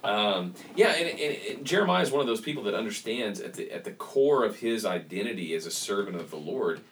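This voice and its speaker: Low-voiced man hosting a podcast, mic a bit distant. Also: lively intonation, a little fast, a bit bright. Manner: thoughtful, reads scripture aloud. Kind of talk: podcast conversation.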